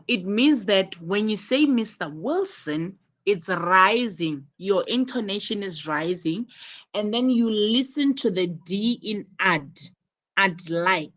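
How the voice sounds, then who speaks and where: A woman teaching English at a slow, unhurried pace. Her pitch sits in a mid range, and she explains deliberately and patiently, modeling and repeating each example phrase. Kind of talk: online English lesson.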